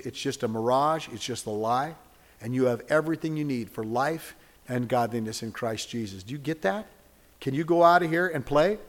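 A male pastor delivers a sermon at a middle pitch, his voice trailing a long reverb through a church sanctuary. He talks conversationally, teasing listeners by name, then rises to fervent calls and prays. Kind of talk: sermon with closing prayer.

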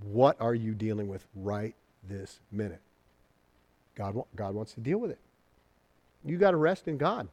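A male pastor preaching a sermon, animated and acting out the people in his story, swinging between loud exclaiming and quiet, low asides. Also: a little slow, long pauses.

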